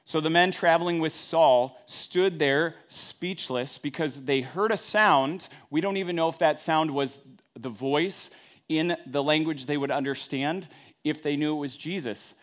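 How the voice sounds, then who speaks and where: A pastor delivers a sermon in a relaxed, conversational manner, mixing storytelling with wry everyday asides. His voice sits a touch high for a man. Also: unhurried.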